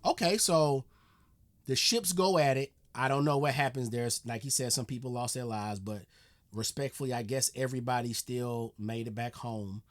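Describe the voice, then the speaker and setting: A man's voice: medium pitch, normal speed. An American man hosting a reaction video, talking casually and getting exasperated, repeating himself, swearing and saying "bruh" often. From United States.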